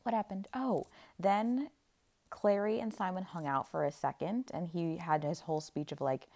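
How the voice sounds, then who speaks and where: A woman's voice: fairly low pitch, moderate pace, gravelly, dark tone. A young woman casually recapping a book series, chatty and playful, acting out characters' lines. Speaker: book vlogger.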